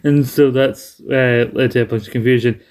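A man's voice: medium pitch, moderate pace. Man animatedly recapping a sitcom. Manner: animated, reads out scene quotes in put-on voices. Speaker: podcast co-host. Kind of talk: casual chat recapping a sitcom episode.

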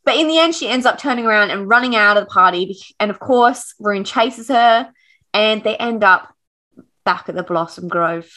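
A woman's voice: medium pitch, expressive, normal speed, pushed and bright. A woman co-hosting a book podcast who recaps the plot in a casual, dramatic way and swears freely. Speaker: podcast co-host.

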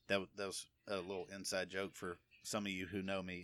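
A man's voice: fairly low pitch, fairly quick, hardly any pauses, fairly bright tone, no echo. A middle-aged man teaching from the Bible in a casual, emphatic way, often checking in with "okay?". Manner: conversational, emphatic, frequent "okay?" check-ins. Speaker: preacher.

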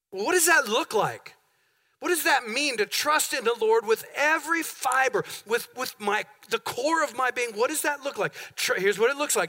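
A man's voice: high voice, lively intonation, normal speed, bright, forceful tone. A man preaching a sermon as pastor in a church, emphatic and building points through repetition. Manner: emphatic, repeats phrases for effect. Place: church sanctuary.

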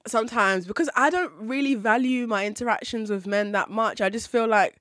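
A woman's voice: fairly high pitch, brisk, fairly bright tone, no echo. A woman hosting a podcast, talking in frank, teasing casual chat on a dry close mic. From London, with Nigerian family ties. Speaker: podcast host.

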